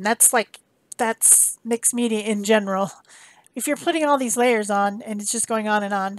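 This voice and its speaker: A woman's voice: a little high, normal speed, dry recording. A woman giving a casual, rambling voice-over of her mixed media art, often correcting herself as she goes. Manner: chatty, rambling, self-correcting. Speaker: art instructor. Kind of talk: casual craft demonstration voice-over.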